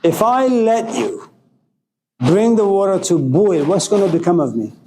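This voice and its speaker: A fussy male chicken in a pot, protesting and fretting in a high, whiny voice, as a male lecturer puts him on mid-story. The tone stays mellow and dark under the raised pitch, with a faint hiss behind it. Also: sing-song, unhurried. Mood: resigned.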